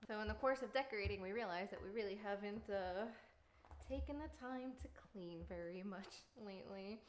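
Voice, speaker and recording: A woman's voice: medium pitch, moderate pace, a little hiss or hum. A woman in her thirties chatting casually to camera while baking at home, rambling with lots of fillers. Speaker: vlogger and mother. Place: home kitchen.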